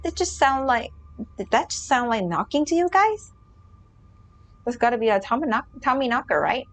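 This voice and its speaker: Chatty woman with a bright, higher voice. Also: very animated. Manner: chatty, quick asides, muddled restarts. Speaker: let's play streamer. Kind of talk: casual game commentary.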